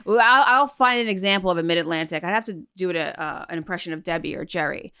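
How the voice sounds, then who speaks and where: A woman's voice: on the low side, fast, pushed and bright, smooth, no room sound, studio quality. A woman with a General American accent, co-hosting a casual chat and explaining things in a lecturing way. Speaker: podcast co-host.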